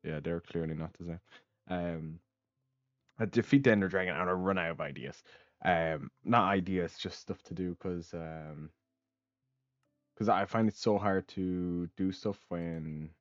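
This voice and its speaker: Rambling young man, very low voice. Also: measured pace, no room sound. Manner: rambling, many ums and uhs; casual, swears offhandedly. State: hiccups. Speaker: gaming channel host. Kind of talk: casual let's play commentary. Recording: dull, dry lo-fi mic.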